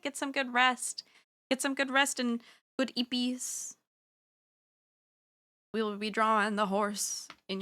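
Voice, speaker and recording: A playful woman streamer from Washington State talks casually to her viewers while she draws. Her voice is bright and crisp, and she sometimes slips into a put-on Southern drawl. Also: fairly high pitch. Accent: put-on Southern US drawl for part of the stream. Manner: chatty and playful, talks straight to viewers, laughs often. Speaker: livestreamer and artist.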